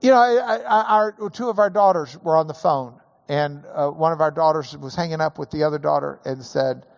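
A man preaching a sermon, slow and emphatic, building to raised emphasis on key points. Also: on the high side, gravelly, no echo, dull audio. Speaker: pastor.

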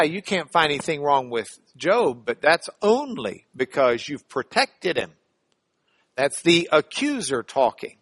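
A man's voice: sits high, pushed and bright, no echo. A man teaching a church Bible class in a playful, joking way, spelling out words.

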